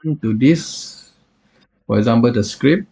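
Halting man with a gravelly husky voice. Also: mid-range voice, dark tone. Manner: halting, filler-heavy, repeats "what I call". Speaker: software reviewer. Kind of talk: screen-recorded software demo.

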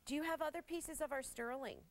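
A woman hosting a live TV shopping show, chatting warmly with callers and gushing over jewelry while laughing often. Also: high voice, fast, slight background noise, rough recording. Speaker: shopping channel host. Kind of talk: live TV sales presentation. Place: TV studio.

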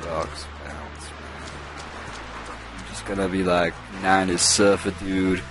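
A man putting on the voice of a dazed, slow-talking stoner surfer dude, drawling and slangy. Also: deep voice, little pitch movement, noisy background, pitched below the performer's own voice. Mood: spaced-out.

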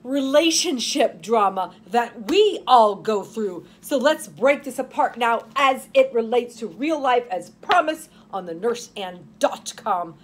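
Husky woman narrating her own audiobook. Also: a little high, lively intonation, unhurried, hardly any pauses. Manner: dramatic reading, chatty asides. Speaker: nurse and author reading her book. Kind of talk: audiobook narration and podcast chat.

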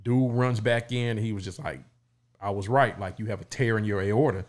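Middle-aged guy cohosting a podcast, lowish voice, laid back, swears a bit. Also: moderate pace. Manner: casual, loose, swears now and then. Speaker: podcast co-host. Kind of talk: casual storytelling chat.

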